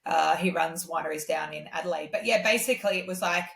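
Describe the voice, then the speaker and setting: A woman's voice: fast talker, creaky, echoey room. An Australian woman, a singer-songwriter, telling stories in a casual podcast interview, with lots of "um" and "like" fillers. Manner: animated, acts out others' lines in a much higher voice; many "um" and "like" fillers.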